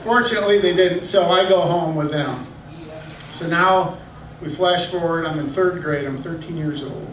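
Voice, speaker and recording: A man's voice: normal speed, noisy background. Self-mocking man doing stand-up. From Michigan. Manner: self-deprecating, acts out voices with sudden high yelps. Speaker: stand-up comedian. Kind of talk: stand-up comedy set. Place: comedy club stage. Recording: echoey club from a distant camera.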